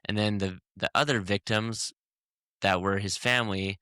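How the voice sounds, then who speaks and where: A man co-hosting a casual podcast, talking heatedly in halting bursts with many restarts. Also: on the low side, steady tone, sharp tone, clear, resonant tone, no room sound, studio quality. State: hiccups. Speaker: podcast co-host.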